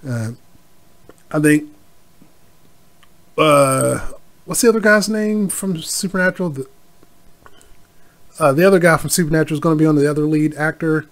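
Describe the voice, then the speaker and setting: A man's voice: a little high, moderate pace, pauses often. A middle-aged man hosting a casual solo podcast, rambling with many fillers and asides. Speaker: podcast host.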